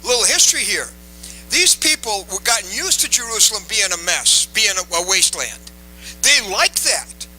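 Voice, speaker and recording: A man's voice: high-pitched, sing-song, normal speed, pushed and bright, faint music behind, rough recording. A man preaching a sermon to a live audience, emphatic and repeating key phrases, coaxing the crowd to respond.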